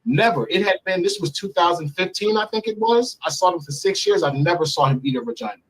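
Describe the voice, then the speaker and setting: A man's voice: high-pitched, animated, fast, breathy edge, poor audio. A man as an interview guest, bluntly and profanely telling a personal story. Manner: blunt and profane, speaks freely.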